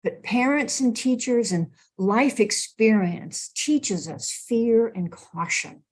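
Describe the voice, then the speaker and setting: Woman minister, sermon delivery; slow and husky, expressive storyteller. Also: a little high.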